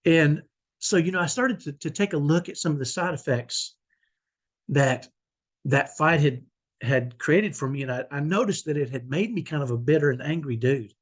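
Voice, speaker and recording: A man's voice: on the high side, moderate pace. A middle-aged man talking earnestly to camera in a personal vlog, confessional and emotional, with many restarts. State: emotional, near tears. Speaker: vlogger, autism parent.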